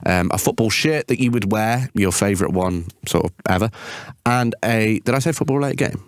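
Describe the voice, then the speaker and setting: A man's voice: on the low side, fairly quick, no echo, clean studio sound. A man co-hosting a casual football podcast, joking and laughing as he chats. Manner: jokey, laughs often, lively banter. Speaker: podcast co-host. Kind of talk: casual chat.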